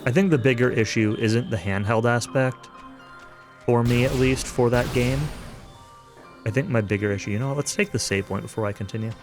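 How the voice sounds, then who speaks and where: A man's voice: medium pitch, normal speed. A man streaming a casual playthrough, talking through his thoughts with lots of fillers and hedges, and now and then dry sarcasm. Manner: rambling and hedging, with frequent fillers; dry, self-aware sarcasm. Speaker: let's-play streamer. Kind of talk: casual gameplay commentary. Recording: game music playing behind the voice.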